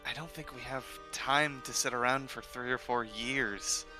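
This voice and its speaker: A man's voice: mid-range voice, steady tone, unhurried, bright, forceful tone, soft background music. A man playing a tabletop game, chatting in a dry, laid-back way. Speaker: player. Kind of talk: casual table chat.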